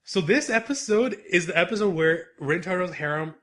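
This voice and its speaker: A man co-hosting a podcast, recapping anime episodes in casual, animated chat and laughing often. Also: high voice, moderate pace. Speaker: podcast co-host.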